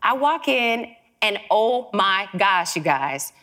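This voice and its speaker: A woman from Chicago giving a storytelling talk, lively and acting out the voices she quotes. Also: mid-range voice, takes it slowly. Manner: animated, acts out quoted voices.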